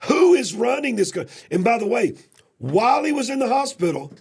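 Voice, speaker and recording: Raspy, gravelly male host, coughing. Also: very high-pitched, big pitch swings, a little fast. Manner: emphatic, builds to shouted questions. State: coughing, cough drops in mouth. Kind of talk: casual political commentary.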